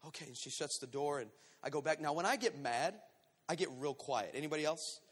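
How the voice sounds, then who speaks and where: A man pastor preaching a storytelling sermon, animated and acting out voices, swinging between shouts and hushed asides. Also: on the high side, brisk, breathy edge. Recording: long hall reverb.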